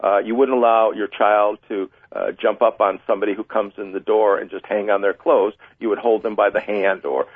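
A man with a husky, slightly breathy voice explains dog training in a chatty, self-deprecating way, acting out small scenes as he goes. He comes through a tinny, dry phone line. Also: on the low side, little pitch movement, a little fast, hardly any pauses, no room sound. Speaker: dog trainer and author guest. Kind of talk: explaining with everyday examples.

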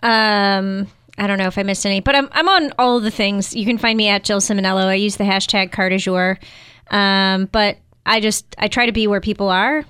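A woman's voice: mid-range voice, fairly even intonation, normal speed, fairly bright tone, clean tone, no room sound. Chatty woman co-host, dry close sound. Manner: chatty and upbeat. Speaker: podcast co-host. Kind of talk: casual podcast chat.

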